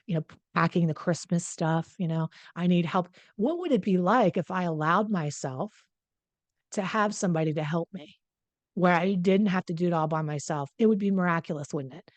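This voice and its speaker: A woman's voice: low-pitched, dry recording, dull audio. A middle-aged woman coach talking casually and candidly to the camera, mocking herself in a chatty way. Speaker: relationship coach. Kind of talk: casual direct-to-camera talk.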